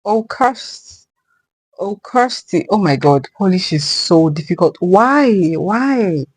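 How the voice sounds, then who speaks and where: Reaction host, very slow delivery, sounds out words, dry close sound. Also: mid-range voice, animated, breathy edge, no echo, rough recording. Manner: slow, tries out words aloud. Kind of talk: casual reaction commentary.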